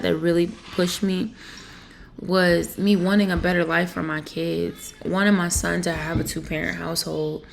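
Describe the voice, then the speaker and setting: Young mom vlogger, gravelly low voice, halting and emotional to camera. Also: female voice. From Pennsylvania. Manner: emotional, halting, many fillers. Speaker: vlogger and mother. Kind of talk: confessional vlog.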